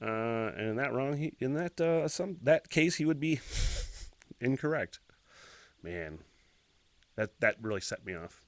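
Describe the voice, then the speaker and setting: A man hosting a podcast and telling a story, swearing freely and acting out loud noises. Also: mid-range voice, unhurried, pauses often, dry recording. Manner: profane, expressive retelling with loud sound effects. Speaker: podcast host.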